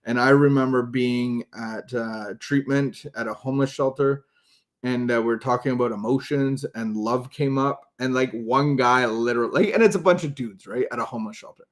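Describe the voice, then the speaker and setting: A man co-hosting a recovery podcast, talking earnestly in a casual chat with many false starts. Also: mid-range voice. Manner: earnest, halting, many restarts. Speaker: podcast co-host.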